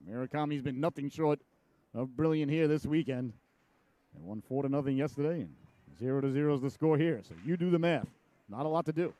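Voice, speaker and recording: A man's voice: mid-range voice, brisk, pauses often, mellow, no room sound. A middle-aged man calling live hockey play-by-play, chatty and jokey, drifting into personal stories, his voice jumping up on shots and saves. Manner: voice jumps up sharply on shots and saves.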